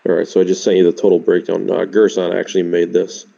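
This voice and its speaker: A man talking over voice chat during a game stream, chatty and quick to laugh. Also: sits low, flat delivery, vocal fry, dark tone, dull audio. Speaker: guest on voice chat. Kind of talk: casual chat. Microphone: voice chat mic.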